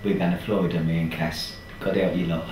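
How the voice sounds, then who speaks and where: A man's voice: low voice, little pitch movement, brisk, a little mellow, a little hiss or hum. A man in a hospital ward, speaking a chatty, jokey video message of thanks with affectionate banter. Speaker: message sender thanking staff. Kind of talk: casual spoken video message. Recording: echoey room, distant mic.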